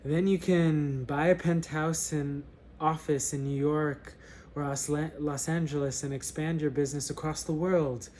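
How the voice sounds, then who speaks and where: A man's voice: fairly high pitch, steady tone, unhurried, few pauses, darkish tone, slight background noise, natural voice. A man voicing a persuasive economist while reading a story aloud. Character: pushy adult male economist.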